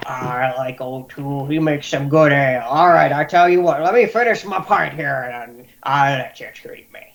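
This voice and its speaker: A man's voice: medium pitch, normal speed, gravelly, fairly bright tone. A man voicing an old retired fighter turned weapon maker, a fond uncle who talks plainly and rambles. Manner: plain-spoken, rambling, with stumbles.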